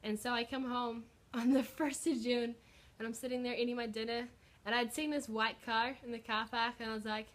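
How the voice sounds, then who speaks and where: A woman's voice: on the high side, little pitch movement, a little fast, a bit bright. A young woman, chatting in a bubbly, filler-heavy way as she shares a personal faith story on her vlog. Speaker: vlogger. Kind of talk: casual testimony vlog.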